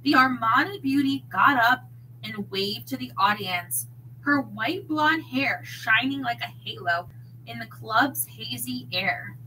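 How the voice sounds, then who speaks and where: Expressive woman reading a story. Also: on the high side, takes it slowly, a little hiss or hum, rough recording. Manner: expressive, dramatic. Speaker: narrator. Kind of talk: reading a mystery novel aloud.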